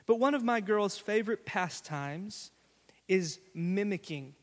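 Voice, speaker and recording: A man's voice: high voice, animated, a little slow, in a large hall. A male pastor giving a sermon in a conversational, storytelling way, often asking the congregation questions. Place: church sanctuary.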